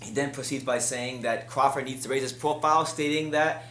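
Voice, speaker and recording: A man hosting a boxing news commentary, talking heatedly and climbing higher in pitch when he gets frustrated. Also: fairly even intonation, fairly quick, pushed and bright, reverberant. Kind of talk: solo commentary.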